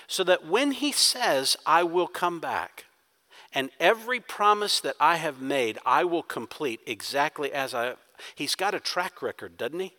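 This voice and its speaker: A man delivers a sermon with a bright, ringing tone. His preaching is emphatic, rising in force and then dropping to hushed intensity. The sound carries a long reverb from a large hall. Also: on the high side, lively intonation, measured pace. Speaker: pastor.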